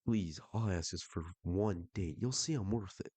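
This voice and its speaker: A man's voice: low voice, moderate pace, a little mellow, husky, no room sound. A man reading the messages of a pushy, creepy man who keeps texting a widow, in a wheedling, insistent tone.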